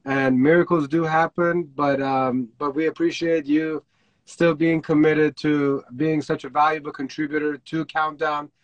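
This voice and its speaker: A man's voice: on the high side, level tone, unhurried, no echo, lo-fi sound. A man hosting a livestream talk show, speaking informally and supportively to his guest before introducing the next segment. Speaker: host.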